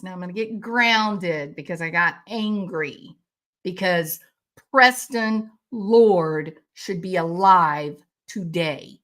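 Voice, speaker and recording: A woman's voice: mid-range voice, fairly bright tone. A woman commenting on a crime case, angry and indignant, with sarcastic rhetorical questions. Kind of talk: impassioned commentary.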